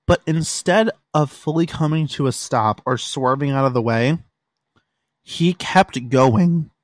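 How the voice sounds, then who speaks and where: A man's voice: medium pitch, unhurried, no room sound. A young man hosting a casual solo podcast, telling stories in an exasperated way and swearing freely, recorded in a room at home. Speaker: podcast host.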